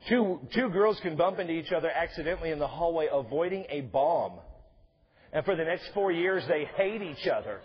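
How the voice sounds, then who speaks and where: A man preaching in a church, his voice a little high and husky. He talks to the congregation like he is chatting with them and drops joking asides. The recording sounds dull and lo-fi. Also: lively intonation, moderate pace. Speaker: pastor. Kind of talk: sermon. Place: church sanctuary.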